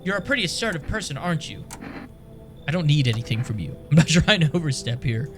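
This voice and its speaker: A man voicing a calm, oracular astrology-obsessed mystic in a horror game. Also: a little high, fast talker, over music.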